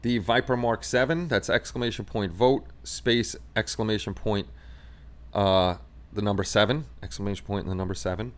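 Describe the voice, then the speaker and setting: An American man hosting a casual hobby livestream, chatting and joking while he paints models. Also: on the low side. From United States. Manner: chatty and joking, laughs often.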